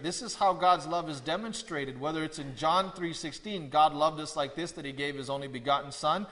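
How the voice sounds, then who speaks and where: Man, sermon, bright forceful tone, long hall echo, repeats phrases. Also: fairly high pitch. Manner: deliberate, repeats key phrases for emphasis. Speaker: preacher. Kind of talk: expository sermon.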